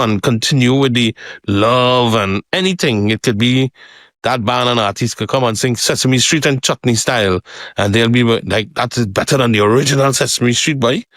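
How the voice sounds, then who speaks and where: A man, co-hosting a casual podcast and laying out his points in a relaxed, explaining way. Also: mid-range voice, moderate pace, no echo, studio quality. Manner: relaxed, chuckles, talks in long explaining runs. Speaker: podcast co-host. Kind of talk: casual chat.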